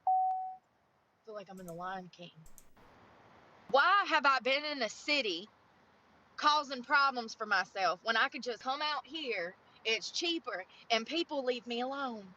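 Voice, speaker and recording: Excitable young Southern woman, swearing freely. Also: high voice, measured pace, pauses often, muffled recording. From North Carolina. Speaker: IRL streamer. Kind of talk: casual outdoor vlog chatter. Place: outdoors on a coast.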